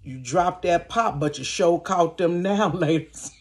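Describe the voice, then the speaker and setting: This is a petty, teasing stepfather , put on by a woman telling a story. His voice sits noticeably deeper than the storyteller's own and drawls with mockery. He needles people rather than comforting them. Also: a little slow. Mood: mocking.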